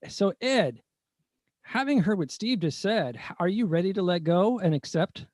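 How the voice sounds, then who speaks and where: A man with a somewhat high voice moderates a panel. He cuts in to steer the talk and hands it over to guests. The sound is dry and close. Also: lively intonation, a little mellow, no echo. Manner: friendly, quick interjections steering the talk. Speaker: panel host.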